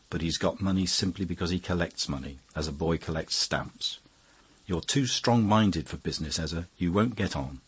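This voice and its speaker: A man voicing a lively Italian poet who talks with animated irony. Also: low-pitched, husky, dry recording.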